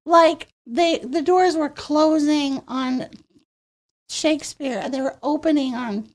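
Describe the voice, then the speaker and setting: Woman, very high childlike voice, animated storyteller, studio interview guest. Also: takes it slowly. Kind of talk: casual interview chat.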